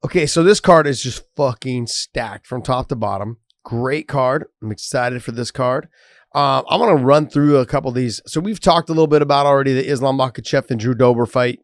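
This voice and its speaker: A sports podcast co-host with a medium-pitched, brisk voice keeps things loose, swearing casually and reading a promo for a sponsor. The studio sound is clean, with no echo.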